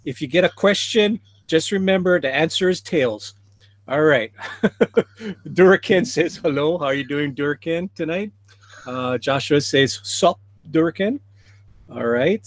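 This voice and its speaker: Male livestream host, a touch high, casual, reads chat aloud with frequent chuckles. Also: lively intonation, a little slow, no echo. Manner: reads viewer comments aloud, chuckling often.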